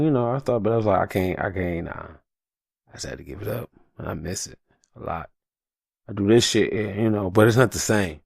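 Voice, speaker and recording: Male podcast host, young adult, deep voice, heated profane solo rant, dry close mic. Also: creaky, no room sound.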